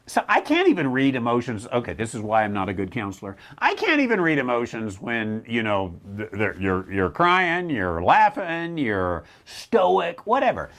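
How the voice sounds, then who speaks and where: A man hosting a Bible question show, talking in a blunt, wry way, with quick self-mocking laughs and mocking asides. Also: mid-range voice, wildly swooping pitch, a bit bright. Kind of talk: casual teaching talk.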